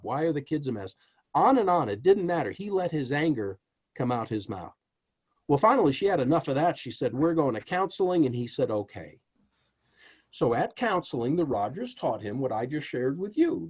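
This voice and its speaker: Male author guest, lively swooping delivery, emphatic storyteller, dull lo-fi sound. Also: on the high side, slightly rough. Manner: animated, emphatic storyteller who addresses the host directly. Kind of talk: interview storytelling.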